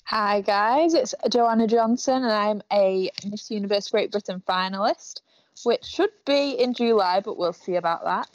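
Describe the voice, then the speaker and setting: A woman's voice: medium pitch, normal speed, no echo. A woman introducing herself as a pageant finalist, cheerful and playful, on a video call. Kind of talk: casual self-introduction. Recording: dull, dry video call audio.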